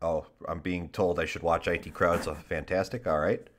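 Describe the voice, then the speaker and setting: Joking, low-voiced streamer man. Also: fairly even intonation, moderate pace. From Michigan. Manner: laughs a lot, swears, joking. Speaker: stream co-host. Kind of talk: casual live-stream chat.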